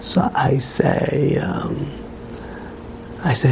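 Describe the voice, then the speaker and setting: Gravelly high-voiced man teaching Torah. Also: slow pace, long pauses, noisy background. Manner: animated, repeats words, restarts often. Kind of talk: religious class with a personal story.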